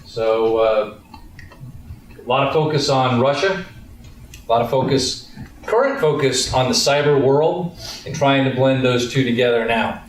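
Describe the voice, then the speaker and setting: A man introduces a guest speaker, halting and restarting as he goes. His voice sits at a middle pitch. It is heard from a distance in a very reverberant hall with faint noise behind. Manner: halting, many fillers and restarts. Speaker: event introducer. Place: large lecture hall. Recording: echoey hall, mic far off.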